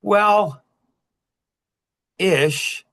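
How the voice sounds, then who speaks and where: An older man in his sixties hosts a podcast and tells a story from his own life. His tone is bright and his pitch sits a little high. He laughs and acts out the lines of dialogue with bursts of excitement. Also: very slow, vocal fry. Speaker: podcast host. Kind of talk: personal storytelling.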